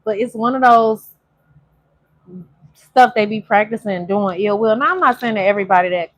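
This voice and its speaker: A woman's voice: medium pitch, muffled recording. A woman tarot reader, giving a casual, emotional spiritual reading to viewers and stretching some phrases out in a sing-song way. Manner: chatty, emotional, drawn-out sung phrases.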